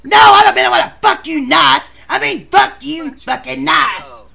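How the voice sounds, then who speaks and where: A performer voicing a crude, rowdy male bachelor contestant, who tells profane stories and bursts into shouts. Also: high voice, lively intonation, moderate pace, vocal fry, exaggerated voice. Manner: profane storytelling with sudden shouted outbursts. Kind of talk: comic machinima voice acting.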